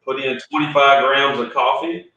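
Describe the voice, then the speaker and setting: A man explains how he brews coffee in a relaxed, step-by-step way, dropping "man" into most lines. His voice is mid-pitched and sits far from the mic. The room around him is very echoey. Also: normal speed, muffled recording. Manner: laid-back, explains step by step, says "man" a lot. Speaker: coffee roaster guest. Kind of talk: casual chat and brewing demo.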